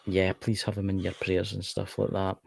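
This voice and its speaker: A man's voice: low voice, monotone, normal speed, vocal fry, no room sound. A man co-hosting a podcast, chatting casually and rambling, often repeating himself. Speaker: podcast co-host. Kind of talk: casual chat.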